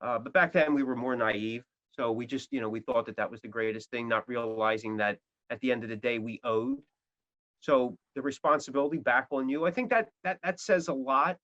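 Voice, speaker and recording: A man's voice: mid-range voice, a bit bright. A man speaks as an interview guest, a guitarist talking over his band's business in a loose, rambling way. He restarts often and leans on fillers. The audio is dull and lo-fi. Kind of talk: casual interview talk.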